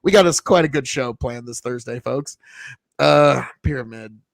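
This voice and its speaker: A man's voice: mid-range voice, moderate pace, gravelly, no room sound, studio quality. A man from Nebraska hosting a podcast, telling rambling, profanity-laced stories in casual chat. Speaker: podcast host.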